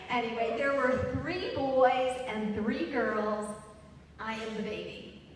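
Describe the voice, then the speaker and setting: Sex: woman. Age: middle-aged. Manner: chatty, unhurried, laughs at her own jokes. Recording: echoey hall from far off. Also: a little high, a little hiss or hum. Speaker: storyteller. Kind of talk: live personal storytelling on stage. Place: large hall at a live event.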